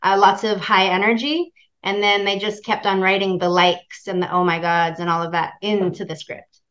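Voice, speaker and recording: A woman's voice: medium pitch, fairly even intonation, normal speed, fairly bright tone. Chatty woman on a muffled line. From Canada. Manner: chatty, laughs often. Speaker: voice actress, interview guest. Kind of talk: casual interview chat.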